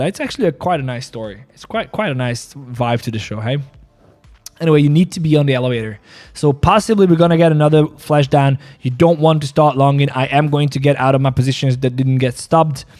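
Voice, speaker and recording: A man hosting a trading livestream, chatting loosely and joking between chart talk, often repeating himself. His voice sits a little high for a man. Faint music plays underneath. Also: darkish tone. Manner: joking, laughing, repeats phrases. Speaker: crypto trading stream host. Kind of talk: casual livestream chat and market analysis.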